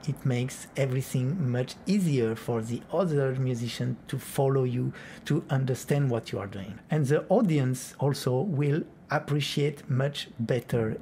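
A man's voice: mid-range voice, unhurried, warm tone, slight background noise. Man teaching flamenco rhythm. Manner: counts beats aloud and chants rhythm syllables; plain explanatory talk with occasional Spanish words. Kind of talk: rhythm lesson with counting and vocal syllables.

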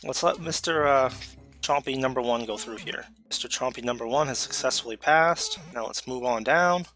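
Bright, excitable man streaming a game. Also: mid-range voice, moderate pace, faint music behind. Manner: excitable, talks to himself, sudden yelps. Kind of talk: live gameplay commentary.

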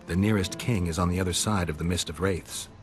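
Deep-voiced grim monster hunter, terse and dry, a man in the role. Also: fairly even intonation, a little fast, soft background music, natural voice.

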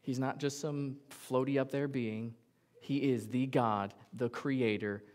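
A man's voice: medium pitch, darkish tone. A male pastor preaching a sermon in a conversational, jokey way, often acting out what people say. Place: church sanctuary.

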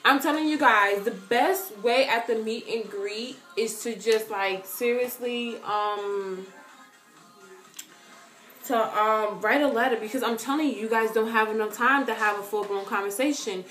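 A woman chatting to camera in an animated way, answering viewer questions and calling her viewers girl. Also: fairly high pitch, unhurried, reverberant, soft background music. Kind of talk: casual chat to camera.

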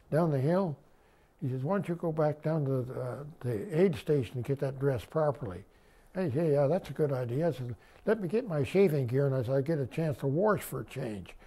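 Man in his nineties, veteran storyteller, mellow warm tone, rambling restarts, wry humor, voices quoted dialogue. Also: mid-range voice. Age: 90s. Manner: animated retelling, lifting his voice for quoted dialogue. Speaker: WWII veteran interviewee. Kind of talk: oral history storytelling.

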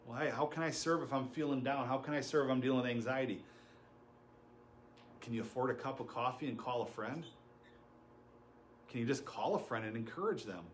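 A middle-aged male pastor delivers a sermon in an animated, conversational way. He tells stories, laughs along, and acts out quotes in different voices. His voice sits at an ordinary pitch, and faint noise runs underneath. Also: brisk, long pauses.

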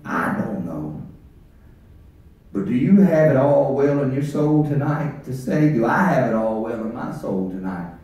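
A man preaching an impassioned revival sermon in a church, swinging between shouts and hushed, low stretches. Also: animated, measured pace. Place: church sanctuary. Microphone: distant from the mic. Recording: echoey church from far off.

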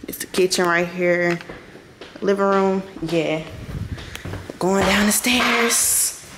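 A woman's voice: mid-range voice, takes it slowly, fairly bright tone, a little hiss or hum. Chatty woman vlogger touring a house. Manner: chatty, addresses viewers as y'all. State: out of breath. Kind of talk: casual vlog house tour. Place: large rental house, indoors.

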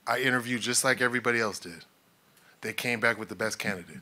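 A man's voice: medium pitch, quick pace, pushed and bright. A man speaking as a new head coach at a press conference, fervent and emotional, talking in earnest bursts.

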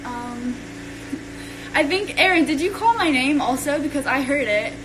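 A young woman with a high voice chats casually and rambles on a phone livestream while she tidies her bedroom. A steady hum of background noise sits under her voice. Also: normal speed. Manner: chatty and rambling, talks while tidying up. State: out of breath. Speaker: social media creator.

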